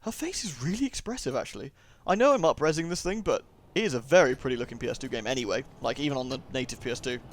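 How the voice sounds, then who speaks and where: A man's voice: mid-range voice, lively intonation, fast talker, hardly any pauses. A young man giving chatty, joking commentary while playing a video game. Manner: joking, chatty, riffing asides. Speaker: let's play host. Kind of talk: casual gaming commentary. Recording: game sound behind the voice.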